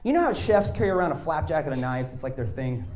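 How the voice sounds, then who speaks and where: A male comedian performing live stand-up on stage, animated, dropping to low asides and then shouting punchlines. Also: fast, reverberant. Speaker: stand-up comedian and show host. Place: live stage before an audience.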